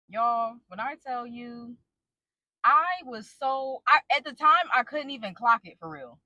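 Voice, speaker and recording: A woman's voice: a little high, measured pace, pushed and bright, no room sound, lo-fi sound. A young woman animatedly retelling a personal story to her viewers in a casual storytime vlog, with dramatic asides. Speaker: storytime vlogger.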